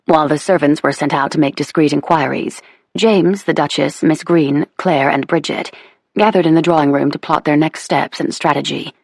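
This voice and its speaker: A woman narrating a historical romance audiobook with measured, even storytelling into a close studio mic. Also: low voice, creaky, breathy edge, no room sound. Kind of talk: scripted narration of a romance novel.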